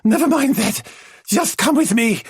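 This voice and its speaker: A man's voice: very high-pitched, animated, measured pace, creaky, slightly rough, no room sound, clean studio sound, pitched above the performer's own voice, exaggerated voice. A man voicing a toothless elderly mother who lisps and bosses her daughter about. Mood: urgent. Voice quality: lisping.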